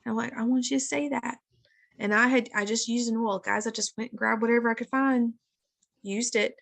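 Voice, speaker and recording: Chatty woman with a gravelly voice. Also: medium pitch. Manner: chatty, keeps addressing listeners as guys. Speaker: wellness session leader. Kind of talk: casual live teaching session.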